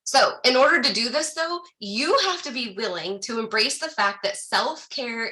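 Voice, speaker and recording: Upbeat woman coach with a bright, forward tone, rallying her workshop audience, then easing into soft breathing guidance. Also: a little high. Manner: upbeat and encouraging, addresses the audience directly; slows into soft calm guidance during breathing exercise. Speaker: wellness coach leading a workshop. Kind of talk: live online workshop talk with guided breathing.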